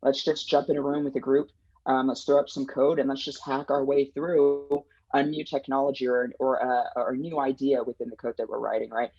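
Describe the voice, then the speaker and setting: A man's voice: mid-range voice, level tone, brisk, a little mellow, slightly rough, no echo. A man who manages a placements team, answering interview questions in an earnest, enthusiastic way with lots of fillers and restarts. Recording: dull dry lo-fi sound.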